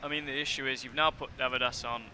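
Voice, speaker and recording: A man giving relaxed, analytical color commentary on a live football game, with the odd joke. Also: medium pitch, quick pace.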